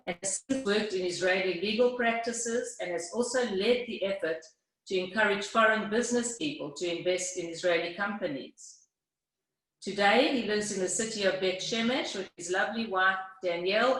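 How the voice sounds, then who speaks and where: A woman's voice: medium pitch, a bit bright. A woman hosting an event, reading a formal scripted introduction of the guest speaker. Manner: formal, read-aloud delivery. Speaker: event host. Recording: heavy room echo.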